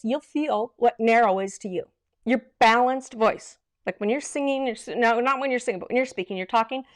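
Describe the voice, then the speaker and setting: Middle aged woman vocal coach on a livestream, chatty and animated, close mic at home. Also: a little high. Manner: lively, demonstrates by singing snippets.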